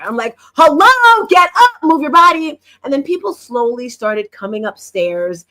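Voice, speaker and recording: A middle-aged woman from New Jersey hosting a podcast, telling a story in a lively, animated way and acting out what others said. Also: on the high side. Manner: lively, animated retelling with quoted voices. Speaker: podcast host. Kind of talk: casual storytelling to listeners.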